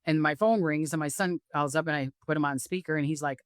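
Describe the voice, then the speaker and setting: Middle-aged psychic lady chatting, animated, plays the voices in her stories, dry sound. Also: deep voice, quick pace, no room sound. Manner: animated storyteller acting out quoted voices. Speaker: psychic medium guest. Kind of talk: casual spiritual interview talk.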